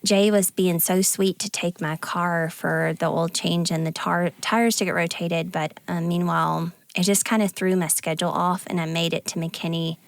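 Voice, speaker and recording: Low gravelly woman. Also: steady tone, moderate pace, hardly any pauses, no room sound. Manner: storytelling, many fillers. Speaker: podcast co-host. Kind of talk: casual conversation.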